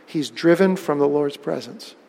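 High gravelly male preacher. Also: normal speed, big-room sound. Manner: lively storytelling with bursts of emphasis. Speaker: pastor. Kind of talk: sermon.

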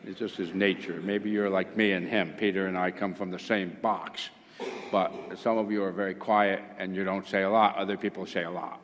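A man's voice: low-pitched, level tone, normal speed, slight background noise. A man in his sixties, a pastor preaching a fervent sermon in a church hall, rising to emphatic exclamations. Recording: long hall reverb.

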